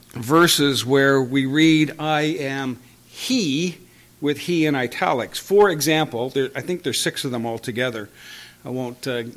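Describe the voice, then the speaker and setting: A man preaching a conversational Bible-teaching sermon, chuckling now and then and pausing with fillers as he explains. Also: medium pitch, fairly bright tone.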